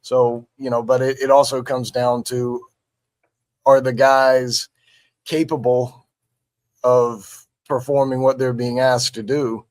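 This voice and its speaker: A man's voice: medium pitch, little pitch movement, a little mellow, no echo. A man, casually analyzing football with lots of restarts and fillers. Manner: halting, many restarts and fillers. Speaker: sports analyst. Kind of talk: casual sports talk.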